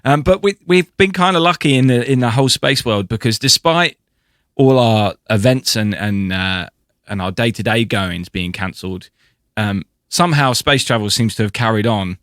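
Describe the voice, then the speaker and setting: Measured man with many pauses. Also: medium pitch, fairly bright tone, no echo, clean studio sound. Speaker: podcast co-host. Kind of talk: casual chat.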